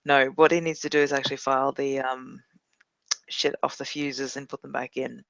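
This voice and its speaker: Gravelly man narrating his character. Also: mid-range voice, little pitch movement, moderate pace, fairly bright tone, no room sound, muffled recording. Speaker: player. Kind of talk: narrating a character in a tabletop game.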